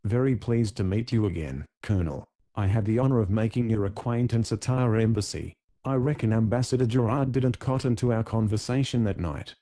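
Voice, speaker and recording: A genial American businessman who chats folksily and cordially, as a male audiobook narrator puts him on. He speaks with an American accent and a relaxed drawl. The tone is mellow and warm. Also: fairly low pitch, a little fast, hardly any pauses, lightly acted.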